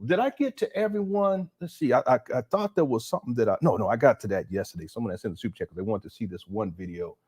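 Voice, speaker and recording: A man's voice: mid-range voice, animated, fast talker, hardly any pauses, a little mellow, breathy edge. A man hosting a casual live stream, reacting to a clip with incredulous, laughing commentary. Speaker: livestream host.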